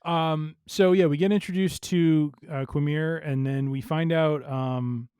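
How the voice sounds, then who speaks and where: A man's voice: a little high, steady tone, measured pace, a little mellow, clean tone, no echo, studio quality. A man co-hosting a podcast, recapping casually with many fillers and a playful touch. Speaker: podcast co-host. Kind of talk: casual chat.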